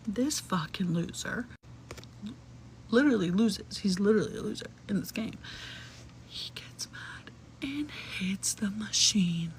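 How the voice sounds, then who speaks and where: A young adult woman telling a personal story in casual, chatty talk, full of "like" fillers, cursing, and hushed, whispery asides. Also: medium pitch, expressive, a little slow, long pauses, rough recording.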